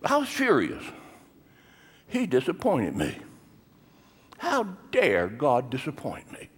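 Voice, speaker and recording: An older male pastor preaching a sermon, telling stories dramatically and swinging between hushed and raised delivery. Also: medium pitch, huge pitch swings, takes it slowly, husky. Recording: long hall reverb.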